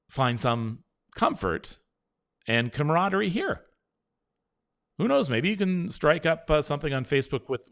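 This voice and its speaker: A middle-aged man hosts a live show, speaking straight to his viewers in a reassuring, encouraging way. His voice sits at an ordinary middle pitch as he reads out their comments and talks them through a slow breathing exercise. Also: a bit bright. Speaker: host.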